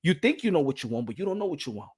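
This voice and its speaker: High-pitched guy w a new ranting about boxing on a stream, keeps repeating stuff and shouting out chat. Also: racing, husky. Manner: animated, repetitive, shouts out chat viewers. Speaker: boxing channel host. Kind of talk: casual live-stream boxing talk.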